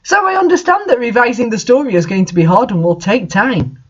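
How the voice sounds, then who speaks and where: A reader giving a mock-dramatic reading of an author's note, theatrical, with sudden shouted outbursts. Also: medium pitch, lively intonation, a little fast, breathy edge, lo-fi sound. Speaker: reader of fan fiction.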